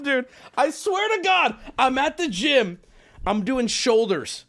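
A man's voice: very high voice, sing-song, slow pace, fairly bright tone. A man streaming, telling a long rambling story to his chat, cursing often, laughing at himself and mocking his own overreaction.

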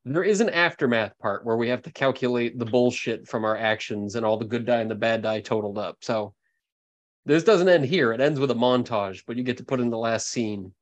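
A man's voice: mid-range voice, brisk, muffled recording. A man running a tabletop role-playing game, explaining rules in a casual way. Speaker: game master.

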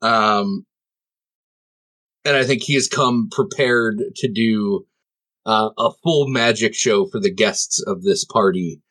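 A man's voice: on the low side, takes it slowly, a bit bright. A man playing a tabletop game, describing scenes in a rambling way with lots of fillers. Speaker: player.

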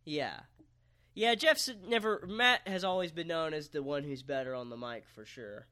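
A man co-hosting a podcast, recapping a story in relaxed casual chat with lots of fillers. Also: on the high side, normal speed, clear, resonant tone, no echo. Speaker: podcast co-host.

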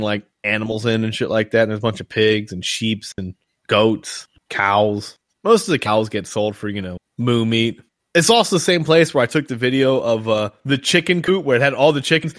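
A man's voice: mid-range voice, a bit bright, no echo, studio quality. A man hosting a podcast, telling a story in a rambling, casual way, swearing often. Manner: rambling, swears a lot, lots of fillers. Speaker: podcast host.

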